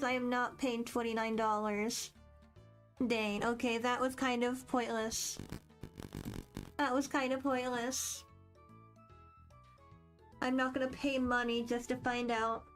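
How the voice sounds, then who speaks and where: A young woman streaming, chatting casually and rambling as she reads quiz questions aloud with a bubbly, self-deprecating manner. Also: on the high side. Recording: faint background music.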